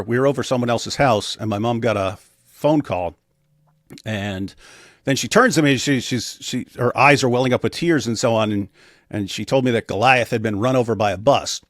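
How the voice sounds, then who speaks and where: This is a clean studio recording with a dry sound. A man with a mid-range voice, there as an interview guest, shares a personal story conversationally and matter-of-factly, with plenty of restarts.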